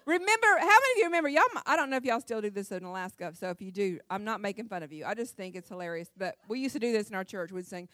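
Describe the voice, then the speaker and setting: A middle-aged woman giving a humorous devotional talk at a church women's session, animated and laughing often. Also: medium pitch, very fast, few pauses, no echo, clean studio sound.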